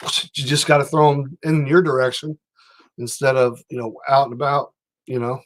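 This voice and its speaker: A man's voice: mid-range voice, little pitch movement, moderate pace. A man hosting a casual livestream, rambling and reading out viewer comments as he talks. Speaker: livestream host.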